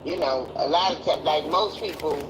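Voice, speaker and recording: A man chatting casually, halting and hesitant as he talks. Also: fairly high pitch, slight background noise, poor audio. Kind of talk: casual chat.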